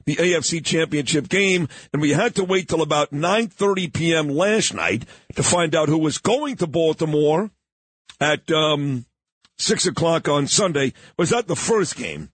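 A man's voice: a little high, animated, moderate pace, fairly bright tone, breathy edge, no room sound. A man hosting a morning radio talk show, chatting casually, joking and talking sports. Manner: chatty, joking, coughing at times.

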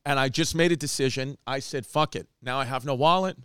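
A man telling a comic story in a fast, animated way, acting out quoted lines with Spanish asides. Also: mid-range voice, clean tone, no room sound. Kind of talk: casual storytelling monologue.

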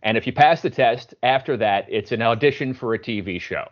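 A man's voice: medium pitch, fairly quick. A man from the Philadelphia area, a game show champion, chatting casually in an interview, self-deprecating and full of fillers. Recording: lo-fi muffled audio.

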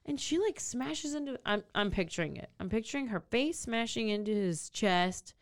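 A woman's voice: a little high, moderate pace. A woman co-hosting a podcast, telling a true crime story in casual chat and acting out the people's lines. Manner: animated storytelling, acts out characters' lines.

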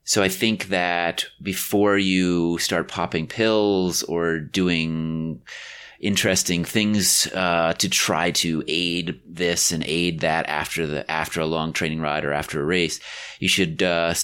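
Man, very deep voice, podcast host, measured delivery. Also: level tone, a bit bright, clean tone. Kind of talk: casual podcast chat.

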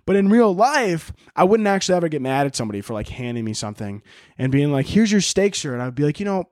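A man's voice: a little high, lively intonation, quick pace, a little mellow, dry recording, clean studio sound. A young man hosting his own podcast as a comedian, ranting casually and swearing as he drifts off on tangents. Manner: profane, rambling, goes off on tangents. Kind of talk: casual solo podcast rant.

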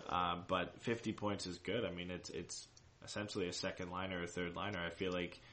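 Very low voiced guy cohosting a fan podcast, rambles, lots of restarts and fillers. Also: steady tone, a little fast, fairly bright tone. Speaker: co-host of a hockey fan show. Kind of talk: casual podcast chat.

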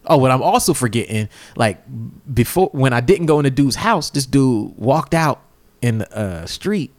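Animated man telling a wild story. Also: normal speed. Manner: animated, acts out voices in high pitch, swears freely. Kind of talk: casual storytelling.

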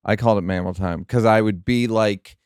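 A man hosting an interview, chatting casually and trading wry, deadpan quips. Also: on the low side, a little fast, clean tone, no echo, clean studio sound. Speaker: host.

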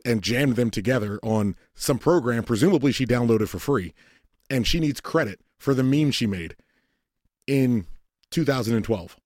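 At normal speed in a mid-range voice, a podcast host spins a rambling, profane story in casual conversation, frequently quoting people in animated, put-on voices. The recording is clean studio sound with no echo.

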